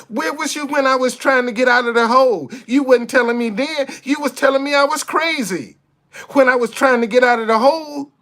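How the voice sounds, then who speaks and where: A man's voice: very high voice, a bit bright. Blunt, profane man ranting to camera. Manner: blunt, profane, repeats himself for emphasis; stammers and restarts when fired up. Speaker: vlogger. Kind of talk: impassioned monologue to camera.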